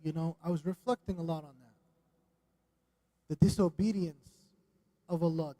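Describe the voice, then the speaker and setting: A man giving a religious lesson in a mosque, animated and questioning his audience, dropping Arabic religious phrases. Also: sits high. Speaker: religious teacher. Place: mosque hall.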